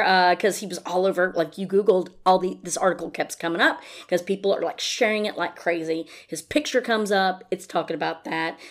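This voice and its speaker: Sarcastic, foul-mouthed woman podcaster. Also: medium pitch. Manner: sarcastic, profane. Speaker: podcast host. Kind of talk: casual recap.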